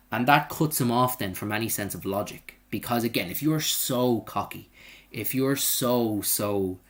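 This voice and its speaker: A man leads a live online revision class in a chatty, animated way, often tagging "okay?" onto his points. His voice sits a little low. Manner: lively, conversational, keeps checking in with "okay?". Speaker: English teacher.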